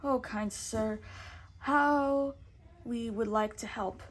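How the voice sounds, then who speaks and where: A woman voicing a poor, gentle widowed mother rabbit in a storybook read-aloud, polite and kind. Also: a little high, takes it slowly. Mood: apologetic.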